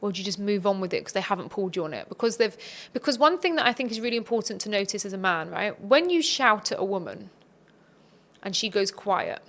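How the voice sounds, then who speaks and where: A woman's voice: mid-range voice, lively intonation, quick pace, a bit bright. A woman speaking as a podcast guest, giving earnest, reflective advice in a conversational tone.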